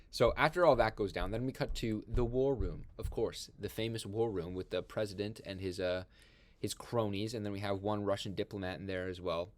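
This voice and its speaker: Excitable young man recapping a film. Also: fairly low pitch. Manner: rambling, excited, full of fillers. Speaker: film discussion host.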